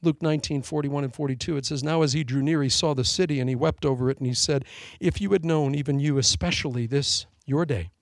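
Gravelly animated preaching man. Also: fairly high pitch, quick pace, few pauses, dry recording, studio quality. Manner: animated storytelling, laughing at his own jokes. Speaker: pastor. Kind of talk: sermon.

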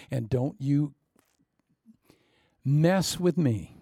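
A man preaching a sermon, animated and humorous, acting out the voices of the people he quotes. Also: fairly high pitch, moderate pace, creaky, no room sound, clean studio sound. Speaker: pastor.

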